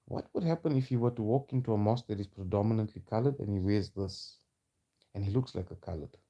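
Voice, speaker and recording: A man speaks in a confrontational vlog rant, his voice warm and dark. He presses his listeners with one challenging rhetorical question after another. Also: on the low side, fast talker, muffled recording. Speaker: vlogger.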